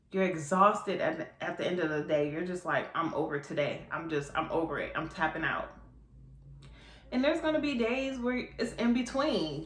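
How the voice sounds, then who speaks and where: A woman chats casually to her viewers at home, lively and quick to laugh, acting out other people's words. Her voice sits at a middle pitch for a woman. The room is roomy, with a clear echo around her. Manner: lively, laughs often, acts out what people say. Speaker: vlogger and mother of three. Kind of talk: casual chat to camera.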